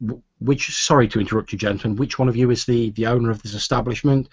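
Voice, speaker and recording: A soft, polite woman, voiced by a man, picking her words hesitantly. The voice stays close to his own speaking pitch. The tabletop-game recording sounds dull and lo-fi. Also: steady tone, quick pace, husky, dry recording. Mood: earnest.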